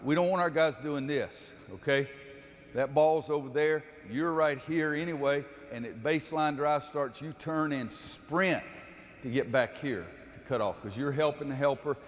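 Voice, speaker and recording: A man's voice: fairly high pitch, normal speed. An older man coaching basketball players through a defensive drill, explaining steps and calling out repeated commands. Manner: instructive, barks repeated drill calls. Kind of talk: coaching clinic on court. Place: gym. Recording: long reverb of a large gym.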